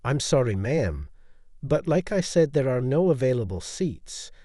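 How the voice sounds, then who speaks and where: A calm woman flight attendant refuses politely but firmly in a steady voice, read by a man in an audio story. The pitch moves in a lively way, and the recording is dry and close. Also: a little slow, no echo.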